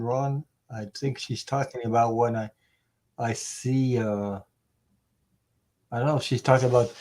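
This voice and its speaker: A man in a casual group conversation, musing in halting, restarting speech. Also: mid-range voice, a little mellow. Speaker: participant.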